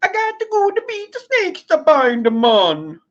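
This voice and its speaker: A woman's voice: fairly low pitch, extremely slow, muffled recording. A woman putting on a laid-back male character whose accent slides from Italian to Jamaican, drawling in a sing-song way.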